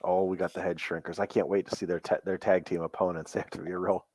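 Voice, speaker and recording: A man's voice: sits low, level tone, fast talker, darkish tone, husky, no echo. A man co-hosting a casual podcast chat about wrestling, easygoing, cracking dry jokes. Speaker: podcast co-host.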